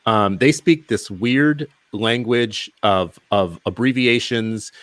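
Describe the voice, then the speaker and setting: Low-voiced emphatic male host. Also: takes it slowly, a bit bright, dry recording. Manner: emphatic, with rhetorical questions. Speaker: podcast host. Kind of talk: casual interview conversation.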